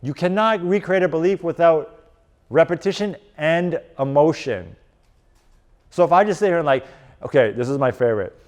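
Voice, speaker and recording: A man coaching a live audience in a casual, animated presentation. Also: fairly high pitch, moderate pace. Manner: casual and animated, lots of "like" and "right?". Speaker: strength and performance coach. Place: conference room.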